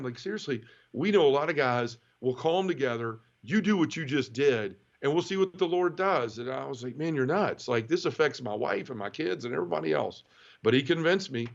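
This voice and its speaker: A man's voice: mid-range voice, highs cut off. A man telling his conversion story as an interview guest, frank and emotional, acting out quoted voices as he goes. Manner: animated, acts out quoted dialogue. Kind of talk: casual storytelling.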